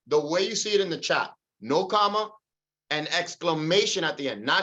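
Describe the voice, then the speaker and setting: A man's voice: a little high, a little fast, highs cut off. A man leading a real estate sales meeting over a video call, calling on team members by name and pushing them to keep going. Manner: energetic, calls on people by name.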